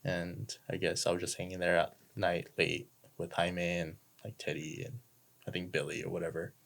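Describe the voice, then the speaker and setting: A man's voice: low-pitched, level tone, normal speed, gravelly, fairly bright tone. A young man, a podcast guest telling a story casually, laid-back and swearing freely. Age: young adult.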